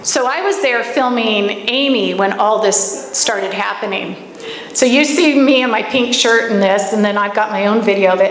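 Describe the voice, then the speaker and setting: A woman giving a live talk to an audience, telling stories and asking the room pointed questions. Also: medium pitch. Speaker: speaker at a camp gathering. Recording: echoey room with faint background noise.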